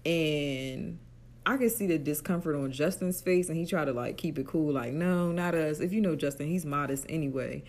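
A woman from Atlantic City co-hosting a podcast in casual chat, telling stories in quick, animated bursts. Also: low-pitched. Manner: animated storyteller, quick bursts and frequent laughter. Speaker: podcast co-host.

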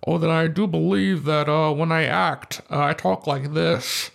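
A man's voice: fairly high pitch, steady tone, measured pace, vocal fry, fairly bright tone, full character voice. A man doing a drawling Scottish film spy. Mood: smooth. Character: suave older Scottish male film spy.

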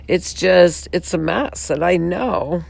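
A woman with a raspy, hoarse voice making an earnest, pleading pitch for her venture to donors and companies. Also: slow, a little mellow, no echo. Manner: pleading, heartfelt, frustrated. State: hoarse from talking all weekend. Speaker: founder pitching her water advertising venture. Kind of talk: earnest direct-to-camera pitch.

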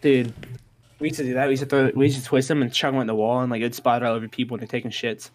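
A man in casual conversation tells crude school prank stories. He swears nearly every line and jumps up in excitement when he hits the punchlines. His voice sits at an ordinary middle pitch. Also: rapid-fire. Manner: profane, rowdy, excitable anecdotes. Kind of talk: casual storytelling chat.

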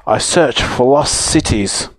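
A timid little toy doll in a storybook, her voice lifted and careful, read by a man. Each line is slow and sweeping in pitch. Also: lively intonation, dry recording.

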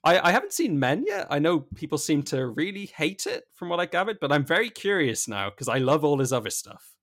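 A man with a somewhat high voice chatting on a podcast. He jokes around and often restarts his sentences as he goes. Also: huge pitch swings, brisk, a bit bright. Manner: chatty, jokey, self-interrupting. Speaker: podcast co-host. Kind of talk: casual chat.

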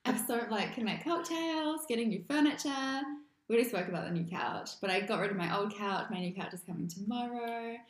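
A woman co-hosting a casual podcast chat, talking fast with lots of "like" and frequent laughs. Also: on the high side, expressive. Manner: chatty, laughs often, lots of "like". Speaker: podcast co-host. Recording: echoey room.

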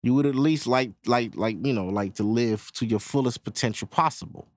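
A man's voice: medium pitch, normal speed, dry recording. A man hosting his own podcast, ranting casually and profanely straight to his listeners. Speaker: podcast host. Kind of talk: casual solo podcast rant.

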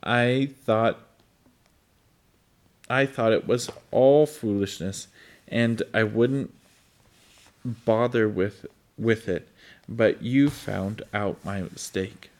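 A man reading a grateful, humbled neighbor's lines aloud, slowly and with restarts. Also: fairly low pitch. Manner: slow read-aloud delivery with restarts.

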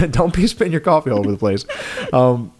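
A middle-aged man talks in a New York accent at a medium pitch. He co-hosts a podcast and tells stories in a loose, joking way, with animated asides. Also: a little fast. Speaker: podcast co-host. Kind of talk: casual chat.

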